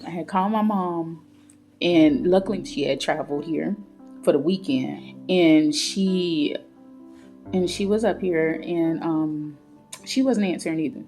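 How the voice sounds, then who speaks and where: A woman tells a personal story in a chatty, unscripted way. Her voice sits a little low and sounds mellow and warm. Soft guitar music plays quietly behind her. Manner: chatty, retelling with quoted dialogue. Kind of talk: casual storytime vlog.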